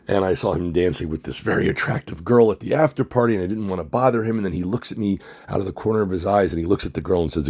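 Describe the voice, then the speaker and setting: A man hosting his own channel, talking in a halting, grieving way with many fillers. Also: sits low, a little mellow, slightly rough. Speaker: comic artist and director, channel host. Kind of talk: personal tribute vlog.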